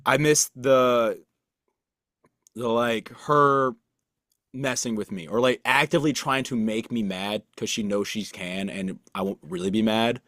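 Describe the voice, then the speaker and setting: A man's voice: mid-range voice, unhurried, fairly bright tone, no echo, studio quality. A young man co-hosting a podcast, talking casually in a rambling, self-deprecating way, with lots of restarts and fillers. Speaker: podcast co-host. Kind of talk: casual chat.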